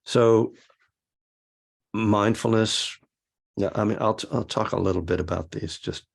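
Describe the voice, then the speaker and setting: Low, gravelly man giving a dharma talk. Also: steady tone. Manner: halting and reflective, with frequent restarts. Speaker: meditation teacher and author. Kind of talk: casual dharma talk to a class.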